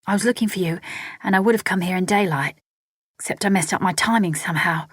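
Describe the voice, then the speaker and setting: A woman's voice: lowish voice, fast, slightly rough, no echo, studio quality. A woman reading an audiobook, voicing a scared but indignant young woman who speaks tetchily. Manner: tetchy and impatient. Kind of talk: audiobook character voice.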